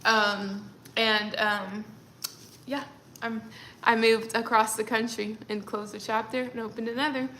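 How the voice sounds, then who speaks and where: A young woman with a high, bright voice rambles through a casual livestream chat, full of fillers and restarts. She sounds like she is in an echoey room. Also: flat delivery, a little slow, slight background noise. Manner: rambling, chatty, many fillers. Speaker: livestreaming creator.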